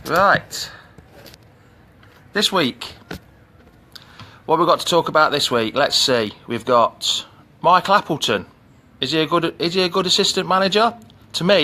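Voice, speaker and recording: This fan channel host is a middle-aged Midlands man streaming live from an outdoor pool via his phone camera, chatting casually and greeting viewers by name. His fairly high voice comes across as pushed and bright. There's slight background noise.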